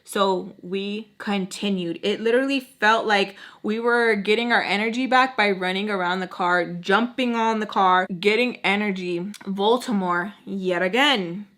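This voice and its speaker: A young woman telling a storytime in a casual, slangy, animated way, acting out the quotes. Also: medium pitch, measured pace, few pauses. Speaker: storytime vlogger.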